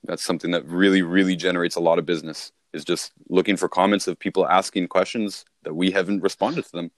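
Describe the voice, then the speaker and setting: A man's voice: low voice, steady tone, fast, dry recording, clean studio sound. A man talking casually as a sales coach, repeating and restarting himself as he explains.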